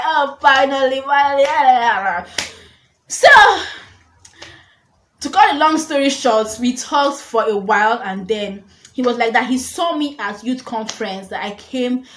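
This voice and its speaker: A young woman telling a storytime vlog, animated and dramatic, laughing often. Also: on the high side. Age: young adult. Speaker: vlogger. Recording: echoey room with faint noise.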